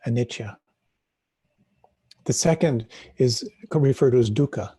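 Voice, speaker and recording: A middle-aged man leads a live meditation talk in a reflective, questioning way, often restarting and repeating words. His voice is husky and mellow, with a gravelly edge. The sound is dry and close. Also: medium pitch, a little slow, no echo. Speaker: meditation teacher.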